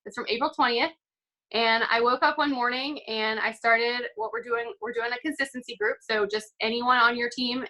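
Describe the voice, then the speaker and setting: A woman's voice: a little high, pushed and bright, rough recording. A young woman giving an upbeat, chatty motivational talk on a video call, full of "like" and "um". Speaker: team call speaker.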